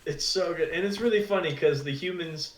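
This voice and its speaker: Animated young man telling stories, echoey room. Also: on the high side. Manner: animated storyteller, does quick character voices. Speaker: gaming co-host. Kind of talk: casual chat over gameplay.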